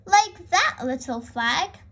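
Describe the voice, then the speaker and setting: High, bouncy little piglet girl, full of questions, as a woman reads her aloud. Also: expressive, slow, fairly bright tone, full character voice. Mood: eager. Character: bossy excited little girl pig. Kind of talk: storybook reading.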